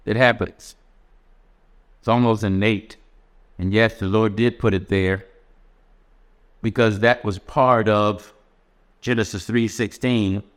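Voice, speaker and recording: A man preaching a sermon in a measured, plainspoken way. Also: fairly low pitch, steady tone, smooth.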